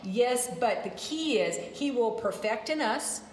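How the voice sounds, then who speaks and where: A woman's voice: on the high side, expressive, measured pace, echoey room, slight background noise, rough recording. A woman preaching a sermon, emphatic, repeating her phrases and drifting into side stories.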